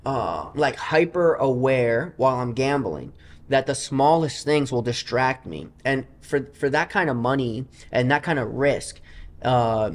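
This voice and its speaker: Male guest, gambler type; loose, rambling storyteller with an ordinary mid-pitched voice. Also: animated, unhurried. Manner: loose, rambling anecdotes full of asides. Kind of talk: casual interview storytelling.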